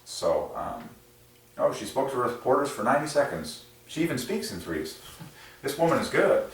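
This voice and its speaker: Excitable man in a very echoey room. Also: normal speed. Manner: excitable, with many fillers and sudden jumps in pitch. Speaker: religious numerology video host. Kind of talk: rambling casual monologue. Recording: very echoey room, far from mic.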